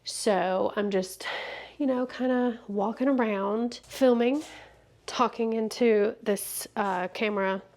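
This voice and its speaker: A soft-spoken woman chatting casually while walking around her home for a vlog, thinking aloud into a wireless clip-on mic. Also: a little high, fairly even intonation, slow. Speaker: vlogger testing a new camera.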